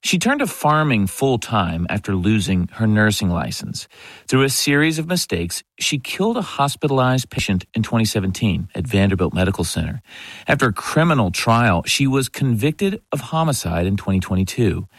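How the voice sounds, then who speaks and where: A man reporting a news story in a measured, steady, scripted delivery. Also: lowish voice, dry recording.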